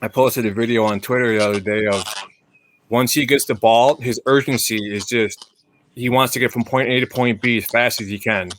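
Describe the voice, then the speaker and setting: A man hosts a podcast with a mid-pitched voice, talking in an easygoing, conversational way. Faint background hiss runs under the recording. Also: steady tone, brisk, a bit bright. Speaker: podcast host. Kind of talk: casual chat.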